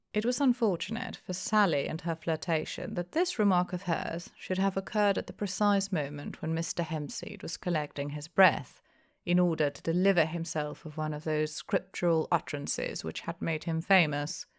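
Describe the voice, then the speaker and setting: A woman narrating an audiobook of a classic novel in a measured, clear storytelling manner. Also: fairly low pitch.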